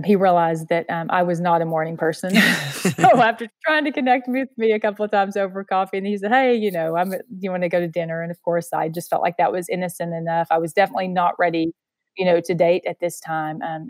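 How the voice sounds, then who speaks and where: In clean studio sound with no room noise, a Texan interview guest with a Southern US accent shares her personal story. She's soft-spoken and earnest, with heavy use of "you know," and her fairly low voice moves fairly quickly.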